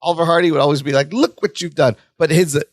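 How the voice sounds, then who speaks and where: A man's voice: fast talker, dry recording. A man co-hosting a podcast, chatting casually as he recaps a sitcom episode and acts out bits of dialogue. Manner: animated, acts out lines in a high whiny voice. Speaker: podcast co-host.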